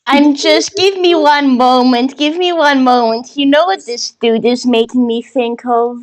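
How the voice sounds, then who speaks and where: A woman's voice: high-pitched, fairly even intonation, a little slow. A woman player in a tabletop game, chatting casually and musing aloud. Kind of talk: casual chat.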